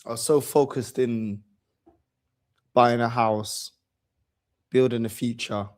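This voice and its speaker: A man's voice: mid-range voice, steady tone, slow, a little mellow. A man hosting a football channel, telling a story in a casual, slangy way and repeating phrases for emphasis.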